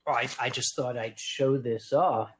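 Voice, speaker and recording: A man's voice: medium pitch, fairly even intonation, moderate pace, rough recording. A man who chairs a convention, telling stories on a casual panel in a dry, wry way.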